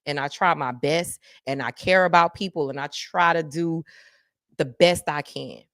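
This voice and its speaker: A woman hosting a live podcast, talking straight to her viewers in a lively, preacher-like call-and-response style. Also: low voice, normal speed, no room sound, clean studio sound. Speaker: podcast host. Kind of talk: live-stream chat with viewers.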